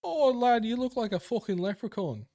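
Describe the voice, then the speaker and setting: A man's voice: extremely high pitch, animated, normal speed, mellow, no echo, studio quality, voice pushed up. A man putting on a cocky Irish lad. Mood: taunting. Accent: put-on Irish.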